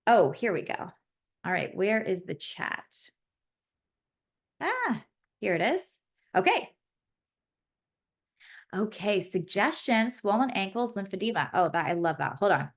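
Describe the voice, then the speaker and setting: A woman's voice: medium pitch, expressive, measured pace, pauses often. A woman pharmacist hosting a live webinar class, chatty and effusive as she reads the chat and answers questions aloud.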